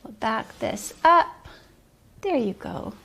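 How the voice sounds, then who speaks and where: A woman leading a preschool circle time outdoors, talking slowly and sing-song, sometimes dropping to a whisper for guessing games. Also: fairly high pitch, sing-song, a bit bright. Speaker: preschool teacher.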